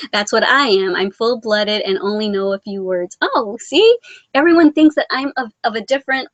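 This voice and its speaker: A woman's voice: a little high, animated, normal speed, dry recording, low-quality recording. A woman of Mexican origin hosting a casual live vlog, reading out viewer comments in a rambling, sentimental, self-deprecating way. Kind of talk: casual live-stream chat.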